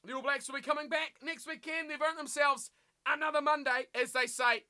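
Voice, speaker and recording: Calling a rugby match live on his stream, this man speaks fairly fast in a very high pitch. His delivery is lively and packed with rhetorical questions, and he reads out messages from chat and answers them.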